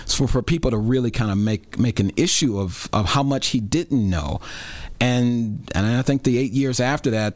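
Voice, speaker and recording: A man, a talk show guest, speaking in a thoughtful, measured way about city politics. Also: mid-range voice, darkish tone, no room sound. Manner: thoughtful, measured, many fillers and restarts. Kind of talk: casual political chat.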